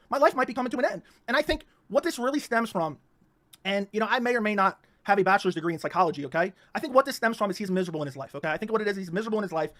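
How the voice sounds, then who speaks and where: A man with a Baltimore accent hosting his own channel, delivering a heated, mocking rant and repeating himself as he goes. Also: high voice. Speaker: YouTube channel host. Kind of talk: ranting monologue.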